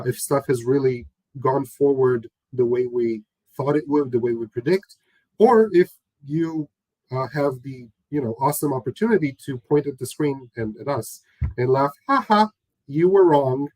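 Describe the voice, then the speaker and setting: Guy hosting a webinar, regular pitch, dry mic, lots of uhs and ums. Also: moderate pace, dark tone, no echo, low-quality recording. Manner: conversational, hesitant with many fillers. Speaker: webinar host. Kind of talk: casual webinar talk.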